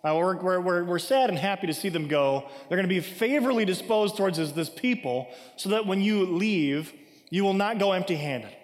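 A man with a fairly high voice delivers a sermon in a relaxed, conversational way, often asking "right?" and punching key lines with emphasis. His voice rings out with a long reverb, as if in a large hall. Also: moderate pace. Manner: conversational preaching with frequent "right?" asides; emphatic, acts out scripture quotes. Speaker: pastor.

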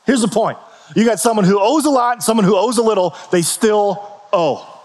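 Guy preaching casually, highish voice, lots of rhetorical questions, big hall echo. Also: moderate pace, a little mellow. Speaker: pastor. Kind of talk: sermon. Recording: long hall reverb.

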